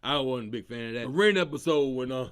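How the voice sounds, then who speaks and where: A man's voice: mid-range voice, quick pace, smooth. A man hosting his own comedy show, talking casually and with lots of slang, often laughing as he riffs. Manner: animated, slangy, breaks into laughter. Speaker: comedian host.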